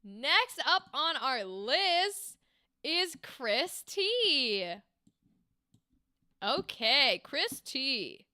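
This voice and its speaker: Bubbly high-voiced woman host. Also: sing-song, drawn-out words, pushed and bright, no echo, clean studio sound. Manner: enthusiastic, gushing praise. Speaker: livestream host reviewing voice auditions. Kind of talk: casual livestream commentary.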